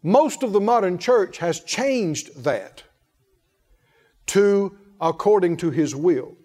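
Male preacher, high voice, emphatic sermon delivery, long hall echo. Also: expressive, slow, a little mellow. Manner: emphatic, calls on the congregation to respond.

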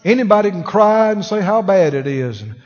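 A man's voice: high-pitched, animated, brisk, darkish tone. A man preaching a conversational sermon, asking the congregation questions as he teaches. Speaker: pastor. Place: church sanctuary. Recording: dull lo-fi recording in a long-reverb hall.

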